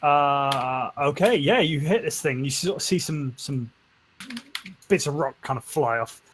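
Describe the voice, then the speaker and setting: A man's voice: medium pitch, lively intonation, a little slow, a bit bright, slight background noise, poor audio. A man narrating a tabletop game as game master, with many fillers and restarts. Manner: hesitant, full of fillers and restarts.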